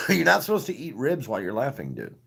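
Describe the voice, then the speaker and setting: A man's voice: mid-range voice, gravelly, fairly bright tone, husky. A man telling crude, self-mocking stories on a live stream, laughing at his own jokes between coughing fits. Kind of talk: crude comic storytelling.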